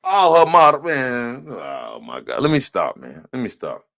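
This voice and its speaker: Stream host: fired-up man, swings between loud outbursts and mutters, dry close mic. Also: mid-range voice, huge pitch swings, measured pace, creaky, no echo. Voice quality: profane, heated ranting. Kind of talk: casual ranting commentary.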